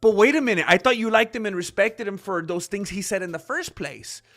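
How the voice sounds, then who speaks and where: A man's voice: high voice, a little fast, fairly bright tone, faint music behind. A man hosting an MMA commentary vlog, sarcastic and opinionated, acting out both sides of an argument. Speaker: MMA commentary channel host.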